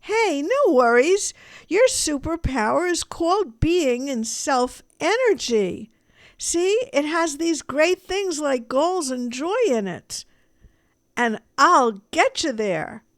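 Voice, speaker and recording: A woman's voice: high voice, lively intonation, takes it slowly. A woman therapist hosting a self-help video series, talking straight to the viewer in an upbeat, coaching way. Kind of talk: direct-to-camera self-help talk.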